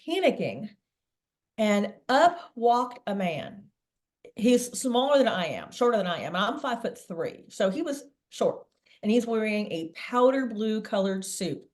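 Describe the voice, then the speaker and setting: A middle-aged woman, a sales veteran interviewed as a guest, telling a long anecdote in a lively way. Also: medium pitch. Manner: lively storyteller, acts out quoted voices.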